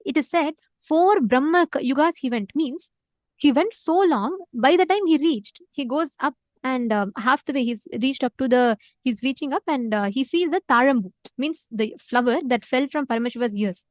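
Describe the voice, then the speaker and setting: High-voiced woman telling a story in an online class. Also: moderate pace, no echo. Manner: animated storytelling with filler words; repeats words for emphasis. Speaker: spiritual teacher.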